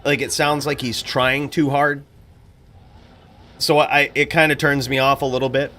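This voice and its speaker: A man's voice: medium pitch, flat delivery, measured pace, pushed and bright. A man hosting a live stream, chatting bluntly and profanely, then calling game fights. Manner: casual, profane, blunt opinions. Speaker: streamer and commentator.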